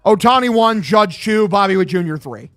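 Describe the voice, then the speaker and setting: A man's voice: high voice, animated, moderate pace, a bit bright, soft background music. A young man streaming a baseball video game, calling plays like an announcer and ranting bluntly with lots of swearing. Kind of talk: casual gaming stream commentary.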